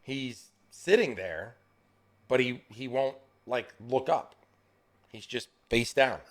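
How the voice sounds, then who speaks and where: A man narrating as game master in a tabletop game, casual and quick to laugh, with music faintly behind. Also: medium pitch, expressive.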